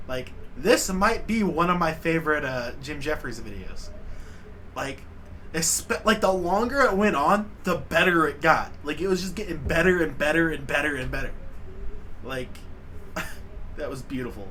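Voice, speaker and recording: A man's voice: a little high, expressive, normal speed, pushed and bright, a little hiss or hum. A man hosting a casual YouTube reaction video, swearing freely and gushing about what he has just watched.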